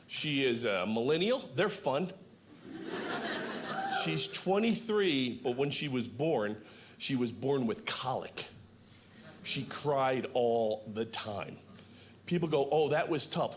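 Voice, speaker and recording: A middle-aged man doing a stand-up set in a comedy club, with wry self-deprecating punchlines and sudden shouted bursts. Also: a little high. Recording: noisy live club recording. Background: audience laughter.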